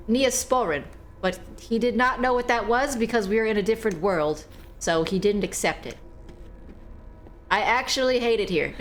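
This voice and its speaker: There's a little hiss or hum behind this woman's mid-range voice as she streams a horror game. Her commentary is casual and animated, full of swearing, laughter and chat with her viewers.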